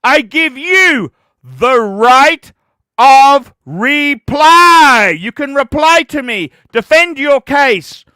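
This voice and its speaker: A man hosting a livestream, ranting profanely and breaking into shouts. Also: very high voice, lively intonation, extremely slow, no echo, clean studio sound. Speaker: livestream host.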